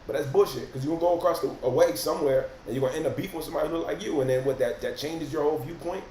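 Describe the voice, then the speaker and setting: A man, hosting a casual livestream and reacting to viewer comments in animated, profane slang. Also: fairly high pitch, racing. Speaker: rapper and livestream host. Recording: roomy echo, faint noise.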